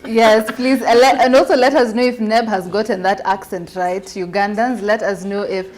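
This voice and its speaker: A woman's voice: medium pitch, fairly even intonation, normal speed, darkish tone, slight background noise. Affirming woman co-hosting a livestream. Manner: affirming, reads viewer comments. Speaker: co-host. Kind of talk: casual livestream chat.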